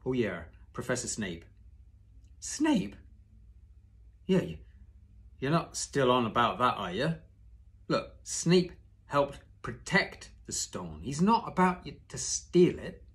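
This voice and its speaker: A man reading aloud and voicing a big, gruff gamekeeper who is proud and secretive, speaking firmly and with emphasis. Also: medium pitch, very animated, slow pace, pauses often, a bit bright, voice pushed up.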